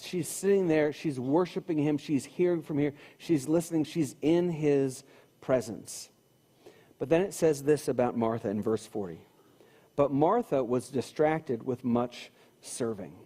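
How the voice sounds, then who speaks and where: A man's voice: on the high side, warm tone, slightly rough. A man preaching a sermon in a church, talking in a conversational way and repeating phrases for emphasis. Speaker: pastor. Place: church sanctuary. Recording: long hall reverb.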